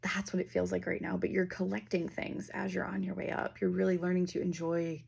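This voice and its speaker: A woman's low, deep-fried, raspy voice drifts through a relaxed spiritual reading. She rambles casually, drops a swear word here and there, and then slows to a soft near-whisper to lead deep breaths. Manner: loose and chatty, with fillers and casual swearing. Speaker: intuitive reader.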